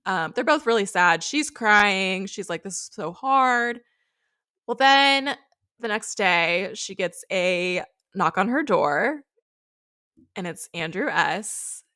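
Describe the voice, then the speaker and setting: A woman's voice: mid-range voice, slow pace. A woman co-hosting a podcast, recapping a reality show in casual, chatty storytelling. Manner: chatty, animated storytelling with acted quotes. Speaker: podcast co-host.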